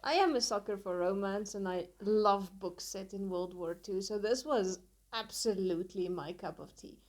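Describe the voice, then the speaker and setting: A woman's voice: mid-range voice, normal speed. A woman who works as a book editor, talking with gushing enthusiasm in a casual podcast chat about a novel.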